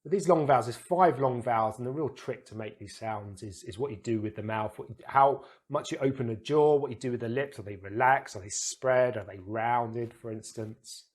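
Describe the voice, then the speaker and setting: A man's voice: mid-range voice, normal speed, few pauses. British male teacher, patient, demonstrative, breaks words into single sounds. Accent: British English. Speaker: English pronunciation teacher. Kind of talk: explaining pronunciation to camera.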